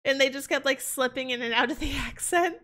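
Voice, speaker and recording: A woman's voice: high-pitched, a little fast, pushed and bright. A young woman streaming a game, chatting casually in a rambling way. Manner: rambling, full of fillers and restarts. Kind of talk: casual chat while gaming.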